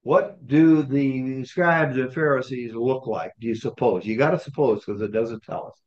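Guy teaching a bible study casually, mid pitched, kinda muffled lo-fi audio. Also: moderate pace, darkish tone. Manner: conversational, asks the group questions, acts out quoted lines. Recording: dull lo-fi recording.

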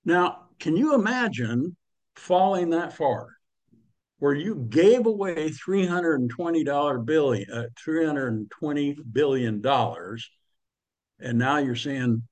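A man's voice: medium pitch, lively intonation, slow. A man preaching a sermon in a folksy, conversational way, with slang and asides to the listeners.

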